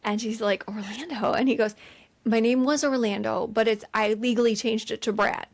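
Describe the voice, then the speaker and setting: Animated woman retelling a movie scene. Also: a little high, moderate pace, vocal fry. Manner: animated retelling with quoted lines, frequent fillers and laughs. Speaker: podcast co-host. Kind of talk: casual movie recap chat.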